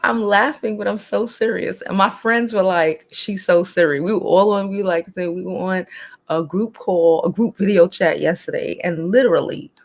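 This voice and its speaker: A woman's voice: medium pitch, moderate pace, gravelly. A woman hosting a casual livestream chat and reading the comments, blunt and talkative, who laughs often and swears freely. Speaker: host.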